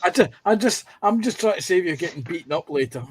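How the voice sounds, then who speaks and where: A man from Scotland with a Glasgow accent, chatting casually on a podcast and telling stories in a deliberately slowed manner. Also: high voice, expressive, breathy edge, dry recording. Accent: Glasgow Scottish. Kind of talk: casual chat.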